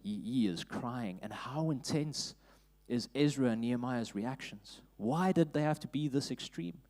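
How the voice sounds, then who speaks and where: A man with a South African accent preaching a sermon in church, reading scripture and rising loud for emphasis. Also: medium pitch, expressive, a little slow. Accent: South African English. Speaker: pastor. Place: church auditorium.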